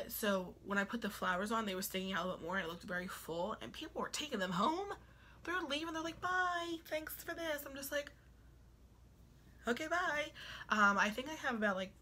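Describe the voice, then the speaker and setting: A woman's voice: medium pitch, sharp tone. A young woman in her twenties chatting casually to camera in a rambling way, often dropping into whispered asides. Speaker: vlogger. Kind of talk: casual chat.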